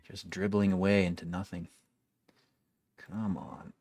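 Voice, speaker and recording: Deep-voiced man grumbling over gameplay. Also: moderate pace, a little mellow. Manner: wry, complaining, swears freely. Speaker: gaming video creator. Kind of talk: casual gameplay commentary.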